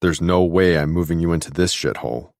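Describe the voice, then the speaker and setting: A male audiobook narrator voicing a gentle, reassuring young man on the phone. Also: sits low, a little fast, no room sound, studio quality. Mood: warm. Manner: soft, reassuring. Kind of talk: audiobook dialogue.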